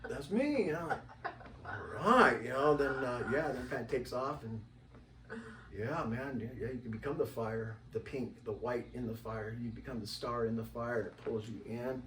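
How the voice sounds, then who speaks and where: A man talking casually as an interview guest, rambling and animated and acting out the voices of people he quotes. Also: medium pitch, normal speed, a little hiss or hum. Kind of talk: casual conversation. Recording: roomy, distant mic, faint ambience.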